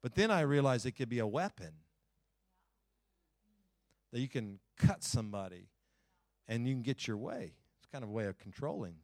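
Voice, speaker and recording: A male pastor preaching in a folksy, animated way, leaning on the crowd and dropping to quiet asides between fired-up runs. His voice sits at an ordinary middle pitch. The sound is close and dry, with no room echo. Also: normal speed, pauses often. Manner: folksy, talks to the congregation directly. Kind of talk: sermon.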